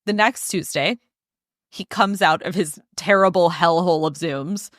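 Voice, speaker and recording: A woman's voice: lowish voice, unhurried, no room sound, studio quality. A woman podcast host telling a story in casual chat, acting out what people said and laughing often. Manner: animated, acts out quotes, laughs often.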